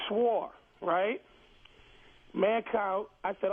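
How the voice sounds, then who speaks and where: A man's voice: high-pitched, a little slow. A comedian calling in to a radio show, insistently retelling his side of a story and cutting in. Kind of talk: heated radio argument. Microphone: phone line. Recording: telephone call on the radio.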